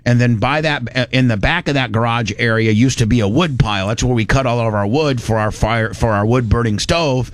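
A man's voice: mid-range voice, brisk, few pauses, no room sound. A middle-aged man from Indiana telling a long casual story, rambling with many restarts and salty words.

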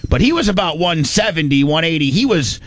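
A man's voice: fairly high pitch, very animated, fairly quick, fairly bright tone, dry recording. A middle-aged man from Indiana telling a long casual story, rambling with many restarts and salty words.

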